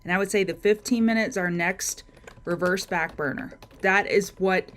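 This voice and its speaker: A woman's voice: medium pitch, normal speed, fairly bright tone. A woman hosting a live market-prep stream, talking through charts and greeting viewers by name in a chatty way. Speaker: trading show host.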